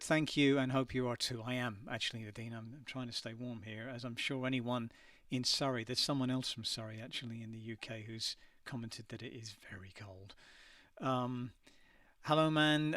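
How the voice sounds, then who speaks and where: A man's voice: medium pitch, fairly bright tone, no room sound, distant mic. A middle-aged man from England hosting a casual livestream from his home studio, greeting viewers and reading their messages with lots of ums. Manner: chatty, hesitant, many ums. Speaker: singer hosting a live stream.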